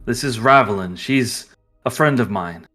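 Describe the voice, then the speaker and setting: A game master voicing a flustered, gloomy younger brother who stammers when caught off guard. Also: male voice, mid-range voice, lively intonation, unhurried, pushed and bright, soft background music, pitched below the performer's own voice. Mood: weary. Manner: stammering, embarrassed.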